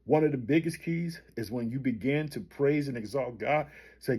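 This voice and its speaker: A man's voice: mid-range voice, normal speed, darkish tone, husky. A man hosting a podcast, giving a fervent, informal late-night sermon that calls out to the listener. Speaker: podcast host and preacher.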